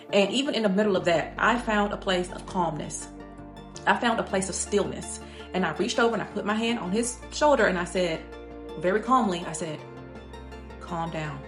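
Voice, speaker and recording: Woman, chatty earnest vlog storytelling, lots of "you know", talks fast. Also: medium pitch. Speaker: vlogger. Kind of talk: personal storytelling monologue. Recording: echoey room with faint music.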